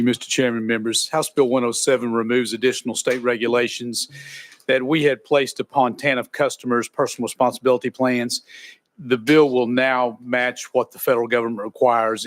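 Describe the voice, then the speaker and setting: A man presents a bill to a legislative committee in a steady, formal way. His voice stays very level, with little rise and fall. The sound is dry and close. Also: medium pitch, dry recording. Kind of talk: committee testimony.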